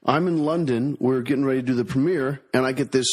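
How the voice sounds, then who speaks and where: A man from Missouri, a guest on a podcast, telling excitable, rambling anecdotes in casual chat. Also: medium pitch, fast. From Missouri, USA.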